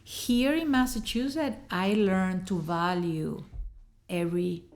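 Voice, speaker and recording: A woman's voice: lowish voice, takes it slowly, darkish tone, a little hiss or hum. A woman from Venezuela with a Venezuelan Spanish accent, a guest on a podcast who talks earnestly in short, restarting fragments. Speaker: podcast guest, educator and business owner. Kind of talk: casual interview conversation.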